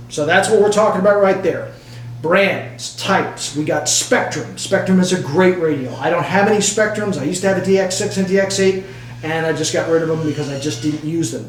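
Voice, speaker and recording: A man hosting a casual hobby video, talking to camera in a joking, rambling way with playful asides. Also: high-pitched. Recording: echoey room with faint hum.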